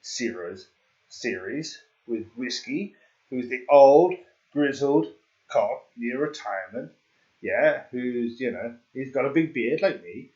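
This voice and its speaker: A man's voice: mid-range voice, expressive, slow, a little mellow. A male game streamer chats casually and rambles, often joking at his own expense. His voice sits in a middle range, and the sound is dull and lo-fi. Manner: rambling, joking, laughs at himself. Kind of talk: casual livestream chat.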